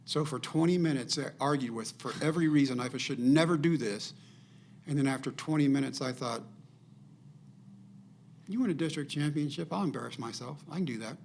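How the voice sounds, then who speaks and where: An older man spins a personal story as a podcast guest, slipping into the voices of the people in it. His voice is gravelly, sits at an ordinary middle pitch, and carries faint background noise. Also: brisk. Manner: animated storyteller acting out quoted dialogue.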